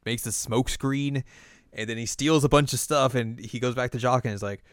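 A young man co-hosting a podcast, chatting casually and retelling scenes with quick acted quotes. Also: medium pitch, fairly even intonation, clean tone, dry recording, clean studio sound. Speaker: podcast co-host. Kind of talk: casual recap chat.

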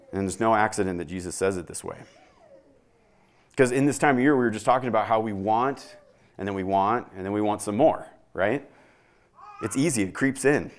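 A young man preaching in a conversational way, reading scripture aloud and explaining it to a congregation. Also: on the low side. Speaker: pastor. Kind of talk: sermon.

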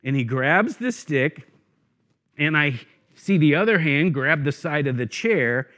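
A man preaching in an animated, storytelling way. His voice sits a little high and swings widely in pitch as he acts out moments of the story. He talks casually to the congregation. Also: a little slow. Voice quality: bald. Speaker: guest preacher, church network director. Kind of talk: sermon with storytelling.

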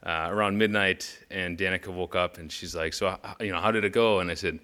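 Low bright-voiced pastor guy, chatty devotional talk that gets urgent on the verses. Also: steady tone, fairly quick. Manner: conversational, with urgent emphatic bursts when reading Scripture. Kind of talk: casual devotional teaching.

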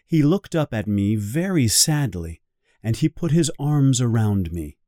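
A man reading a storybook aloud slowly and clearly for English learners. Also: medium pitch, big pitch swings, dark tone, no room sound, studio quality. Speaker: reader of a guided English reading. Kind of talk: slow storybook narration for learners.

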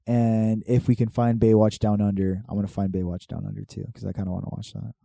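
A man's voice: on the low side, flat delivery, fast talker, creaky, dark tone, no echo. A young man co-hosting a podcast in casual, laid-back chat, swearing freely and reading aloud from notes. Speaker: podcast co-host.

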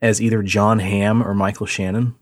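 A man's voice: on the low side, little pitch movement, moderate pace, no echo, studio quality. A man co-hosting a casual podcast, joking around, swearing, and rambling on a video call. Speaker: podcast co-host. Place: home setup on a remote call. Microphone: computer mic on a video call.

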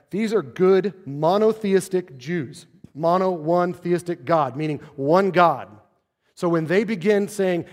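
Preaching man in a reverberant hall. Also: fairly high pitch. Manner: conversational preaching, rhetorical questions, swings from loud to soft. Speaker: pastor. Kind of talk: sermon.

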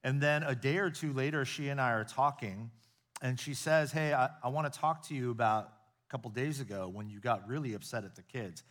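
A middle-aged man from the United States preaching a sermon, building to emphatic peaks and then dropping to soft, confiding storytelling. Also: medium pitch, fairly quick. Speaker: pastor. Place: church auditorium with a live audience.

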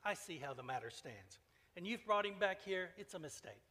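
A man reading as a gentle, merciful old bishop. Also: high voice, normal speed, in a large hall, pitched above the performer's own voice, full character voice. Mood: gently solemn. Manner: calm, kindly, solemn. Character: gentle elderly male bishop, merciful and solemn.

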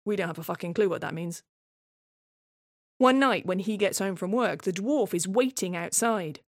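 A woman performing her own scripted dramatic monologue, sardonic and deadpan with frequent swearing. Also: mid-range voice, moderate pace, no room sound, studio quality. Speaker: playwright performer.

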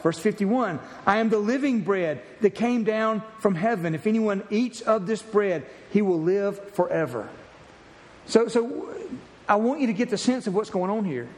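A man's voice: sits high, darkish tone, long reverb tail. A man preaching a sermon as pastor, emphatic and repeating key phrases for emphasis.

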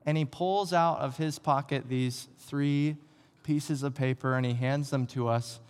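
A man's voice: a little high, a little slow, pauses often, smooth. A man telling a personal family story to an audience, laughing often and acting out voices of his family as he goes. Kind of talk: animated storytelling. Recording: reverberant hall sound.

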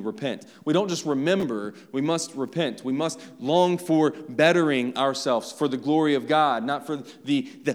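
A man preaching a sermon in a conversational style, speaking directly to his congregation. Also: medium pitch. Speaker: pastor. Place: church sanctuary. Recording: long reverb of a church hall.

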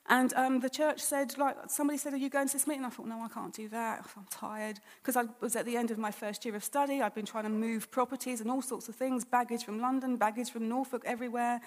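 A woman with a high voice tells her own story as a church testimony. She speaks conversationally and slips into re-enacting what she thought and said back then. Her voice rings with a long reverb, as if from a large hall. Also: fairly even intonation, quick pace, hardly any pauses. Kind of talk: personal testimony told as a story.

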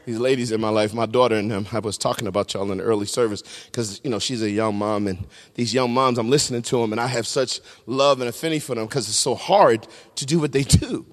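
A middle-aged man preaching a sermon as pastor, swinging between loud shouts and hushed low tones. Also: fast talker, hardly any pauses, long reverb tail. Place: large church sanctuary.

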